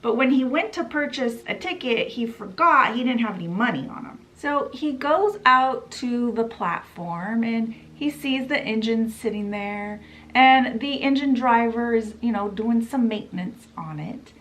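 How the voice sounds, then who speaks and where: A woman retells a classic story for her book channel, chatty and playful, with dramatic asides. Her voice sits a bit high and she takes her time, letting each beat land. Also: expressive, a little slow, fairly bright tone, low-quality recording. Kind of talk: casual story summary.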